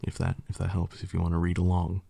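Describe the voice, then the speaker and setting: A man in loose, rambling talk who laughs and swears often, reading a poem with little ceremony. His voice is low and gravelly, and he speaks at an unhurried pace. The sound is dry, with no room echo. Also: monotone, mellow. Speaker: channel host. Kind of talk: casual chat and reading a poem aloud.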